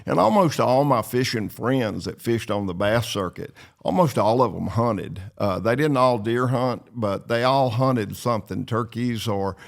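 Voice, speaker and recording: An older man from North Carolina with a Southern accent, telling stories in a casual chat with drawling, rambling pauses and self-deprecating humor. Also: medium pitch, animated, vocal fry. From North Carolina, USA. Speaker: show host and former pro bass angler.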